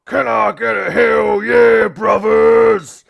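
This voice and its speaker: A man voicing a brash, muscly male dwarf wrestler who shouts swaggering challenges to a crowd in a tabletop game. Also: sits high, steady tone, takes it slowly, creaky, highs cut off, voice pushed up, heavily acted. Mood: boastful shouting. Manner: shouting swaggering ring announcements.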